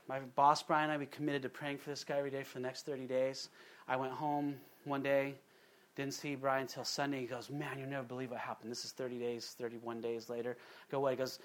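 A man's voice: mid-range voice, little pitch movement, fairly quick. A man preaching a sermon, telling a personal story and acting out the voices of the people in it. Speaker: pastor.

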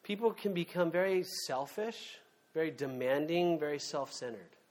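A man preaching a sermon in a relaxed, conversational way, full of fillers and asides. He leans into key words with emphasis, and his voice sits on the higher side. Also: normal speed. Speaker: pastor.

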